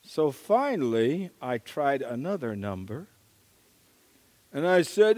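A middle-aged male pastor preaching a story-driven sermon, animated and acting out the voices in his anecdotes. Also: fairly high pitch, normal speed. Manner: animated, acts out quoted voices, chuckles at himself. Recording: long reverb of a large hall.

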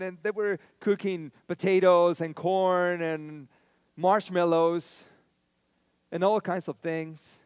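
A man's voice: high-pitched, smooth, dry recording. A man preaching a sermon as pastor, telling stories in a conversational way and repeating lines for emphasis.

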